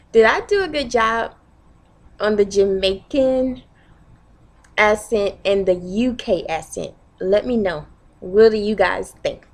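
A woman's voice: mid-range voice, slow pace, pauses often. A woman hosting her own channel, chatting casually to camera in an upbeat way and often checking in with viewers with "okay?". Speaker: vlogger host.

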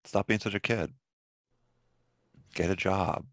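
A man's voice: low voice, slow, a bit bright, no room sound. A man co-hosting a podcast, laid-back and agreeable, adding chuckling asides to the chat. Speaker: podcast co-host. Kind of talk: casual movie chat.

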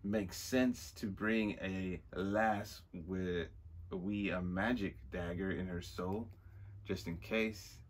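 A man's voice: low-pitched, a little slow. A man voicing a sly, mocking male mutant mastermind in a put-on Scottish-style brogue, read aloud from a comic.

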